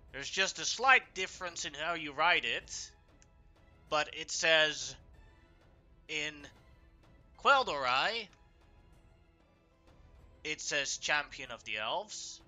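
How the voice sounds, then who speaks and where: A man's voice: a little high, sharp tone. A man playing a boastful wizard in a tabletop game, talking in character. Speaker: player. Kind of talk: in-character tabletop role-play.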